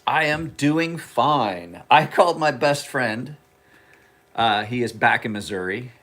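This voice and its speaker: A man's voice: medium pitch, expressive, slow, fairly bright tone. A man casually chatting on a livestream from his home kitchen, rambling and joking as he talks. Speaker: knife sharpener and livestream host.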